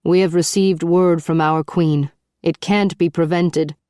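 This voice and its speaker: A woman voicing a grave, ashamed middle-aged ship captain who speaks softly and apologetically. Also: fairly low pitch, steady tone, unhurried, smooth, dry recording, studio quality, close to an everyday voice. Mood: somber, hushed. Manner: soft, hushed, apologetic.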